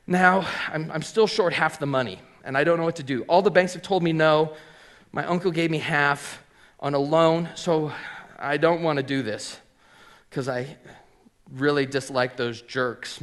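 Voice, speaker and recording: Animated man telling his own story. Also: a little high, unhurried. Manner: animated storyteller, acts out quoted voices, frequent um and like. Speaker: hat maker and shop owner. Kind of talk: personal storytelling talk.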